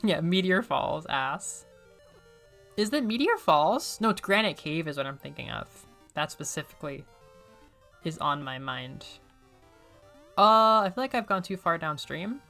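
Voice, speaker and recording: Chatty woman streaming a game, bright-toned. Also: sits low, unhurried, pauses often, soft background music. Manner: chatty, excitable, self-deprecating. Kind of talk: casual gameplay commentary.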